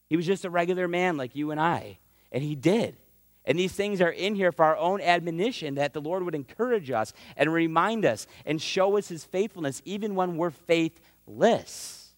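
A man's voice: high voice, expressive, normal speed, no room sound, big-room sound. A man preaching a sermon in a conversational way, sometimes acting out prayers and what God says. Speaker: pastor.

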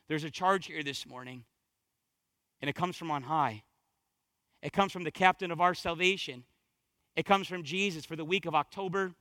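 A man delivers a sermon as pastor at a moderate pace, with no room sound. He swings from quiet, low passages up to fervent, building exhortation, repeating phrases for emphasis.

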